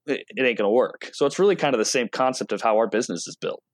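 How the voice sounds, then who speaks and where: A man with a medium-pitched voice talks quickly as a casual guest in an interview, where he appears as an automotive product rep. He's a chatty storyteller who acts out quotes, recorded with dry, close sound.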